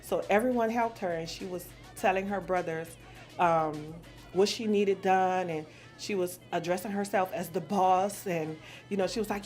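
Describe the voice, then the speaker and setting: A woman's voice: lowish voice, normal speed, a little mellow, faint music behind. A woman in her forties from New Orleans, answering questions in a blunt, profane casual chat and laughing easily. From New Orleans, USA. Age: 40s.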